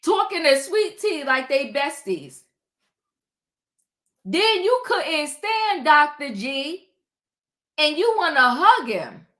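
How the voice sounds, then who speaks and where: Woman, high bright voice, slow animated recap commentary. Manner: animated, acts out quotes with rising pitch. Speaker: reality show recap host. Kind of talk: casual commentary.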